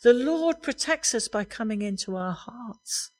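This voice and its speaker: A woman's voice: on the high side, expressive, measured pace, a little mellow. A middle-aged woman preaching a sermon in an earnest, conversational way, laughing lightly now and then.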